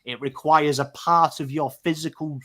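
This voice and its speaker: Animated English man, casual podcast chat. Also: on the high side, moderate pace. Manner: animated, swears freely, keeps asking "right?". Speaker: podcast host.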